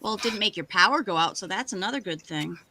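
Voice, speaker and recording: A woman's voice: medium pitch, expressive, fast, poor audio. A woman with a Boston accent joining a live crafting chat, friendly and joking about herself. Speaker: live session participant. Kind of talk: casual chat while crafting. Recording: loud background noise.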